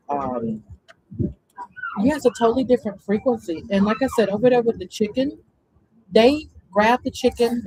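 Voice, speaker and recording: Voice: medium pitch, a little mellow, a little hiss or hum, low-quality recording. A speaker telling a long story in casual chat, rambling with many fillers.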